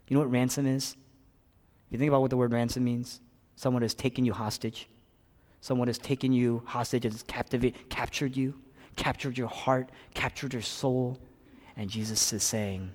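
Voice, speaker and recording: A man preaching a sermon as a pastor, swinging between loud, emphatic passages and hushed, whispered ones. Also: mid-range voice, animated, moderate pace, pauses often, in a large hall.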